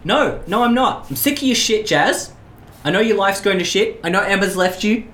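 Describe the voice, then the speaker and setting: Brief: performer doing an exasperated coworker storming off, raised pitch. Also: moderate pace, roomy sound, lightly acted. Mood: furious. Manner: shouting, exasperated. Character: fed-up angry coworker quitting in a rage. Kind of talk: improvised comedy audio play.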